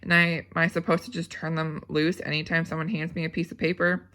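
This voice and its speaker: A woman's voice: low voice, flat delivery, brisk, a bit bright. A woman voicing a cold, scheming woman camp warden who speaks curtly and defensively.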